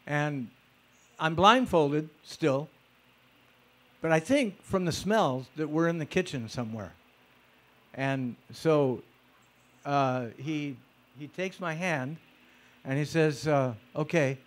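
A man with a somewhat high-pitched voice tells stories from his own life to a gathering. He talks in a loose, conversational way, with fillers and restarts. He brings the scenes to life by vocalizing footsteps. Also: slow pace, long pauses. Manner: animated storyteller who mimics footsteps with vocal sounds; conversational, with fillers and repeated starts. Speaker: speaker recounting personal stories. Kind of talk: storytelling lecture.

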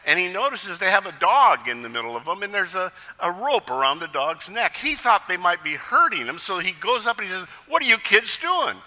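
A man's voice: fairly high pitch, in a large hall. A male pastor preaching a sermon in a church, telling jokes and stories along the way. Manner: lively storytelling with jokes.

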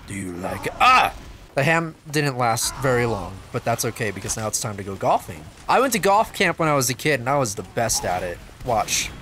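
Lively, bright-voiced gaming guy. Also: a little fast, few pauses, slight background noise. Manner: jokey, playful, bursts into high excited yelps. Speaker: gameplay commentator. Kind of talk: casual let's-play commentary.

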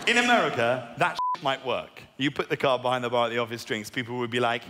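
A man with an English accent doing stand-up comedy, animated, sweary and mock-indignant. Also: mid-range voice, fast talker, hardly any pauses. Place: live comedy venue. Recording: echoey hall, loud crowd noise.

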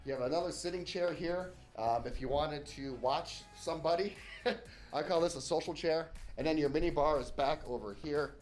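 A man's voice: on the high side, moderate pace, darkish tone, soft background music. A man giving a casual, enthusiastic tour of a hotel suite, chatting and thinking aloud as he walks through the rooms. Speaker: hotel reviewer. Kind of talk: casual room-tour vlog.

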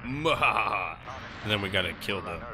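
A man's voice: on the low side, expressive, brisk. A man giving casual, jokey commentary on a game he is playing, talking to his viewers and now and then putting on silly voices. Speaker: gaming YouTuber.

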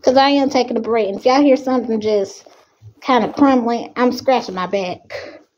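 Fervent woman preaching, bright high voice. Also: normal speed, muffled recording, a little hiss or hum. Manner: emotional, fighting tears, preaching with rising fervor. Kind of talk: impassioned preaching.

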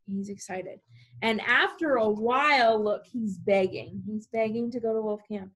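A woman with a fairly high voice reads a picture book to preschoolers at a library storytime. She takes her time over each line and stays animated, stopping to ask the children questions. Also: unhurried, husky. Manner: animated, talks to children directly.

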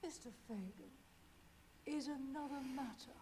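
An actress playing a stern female prime minister who speaks in a brisk, clipped, matter-of-fact way in a television drama. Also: sits high, noisy background. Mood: firm.

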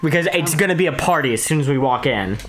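A woman's voice: low voice, expressive, fast, soft background music. A young woman playing a co-op game with a friend, talking casually and exclaiming at what happens on screen. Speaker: gaming YouTuber. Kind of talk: casual gameplay chat.

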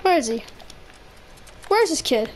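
A woman giving excitable, cheeky live commentary over a game she is playing. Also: high-pitched, moderate pace, slight background noise. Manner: excitable, cheeky banter with other players. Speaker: gaming video creator.

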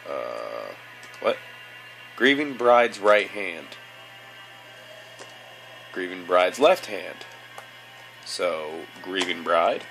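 A man's voice: deep voice, sing-song, very slow, vocal fry, pauses often, music in the background. A young man from Kentucky with a Kentucky accent, giving profane, sarcastic commentary while playing a game, moving between mutters and outbursts. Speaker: let's play host. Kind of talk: gaming commentary.

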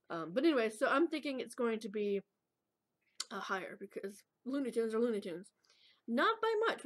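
A woman hosting a casual gaming video, rambling with lots of fillers as she talks her choices through. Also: a little high. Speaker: gaming channel host. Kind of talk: casual thinking-aloud gameplay commentary.

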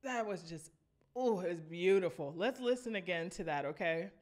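Teaching vocal runs, this enthusiastic coach keeps stopping to sing brief demonstrations between her explanations. She speaks at normal speed in an animated, darkish voice on the low side.

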